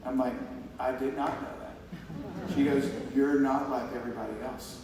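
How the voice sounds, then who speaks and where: In a large hall, a man honored with an award speaks from the stage, rambling warmly, restarting and quoting conversations. His mid-range voice is steady, a little mellow and moderately paced. A distant, echoey recording carries a little hiss or hum.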